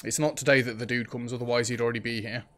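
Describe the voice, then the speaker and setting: A man's voice: mid-range voice, steady tone, very fast, fairly bright tone. A man hosting a let's play, thinking aloud in casual gameplay commentary. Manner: chatty, thinks aloud while playing, frequent ums.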